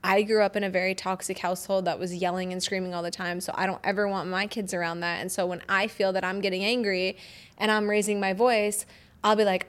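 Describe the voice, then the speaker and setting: A woman's voice: medium pitch, flat delivery, fairly quick. A young adult woman hosting a podcast, talking candidly in casual chat, swearing freely and laughing often. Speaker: podcast host.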